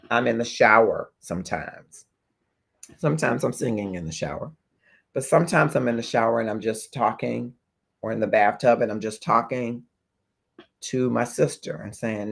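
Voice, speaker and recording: A man hosting a talk show about grief speaks earnestly and reflectively in a heartfelt livestream, checking in with his viewers. His voice is medium-pitched and gravelly, at a normal pace.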